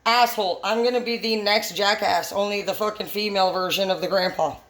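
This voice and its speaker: A woman's voice: mid-range voice, fairly even intonation, brisk, fairly bright tone, poor audio. A woman vlogging in a casual monologue, rambling bluntly and swearing constantly. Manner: brash and unfiltered.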